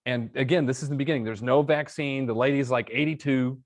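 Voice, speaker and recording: A man's voice: mid-range voice, steady tone, a little fast. Man telling sales-call stories. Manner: acts out phone calls with quoted dialogue. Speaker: guest, real estate training executive. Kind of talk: conversational interview, storytelling with examples.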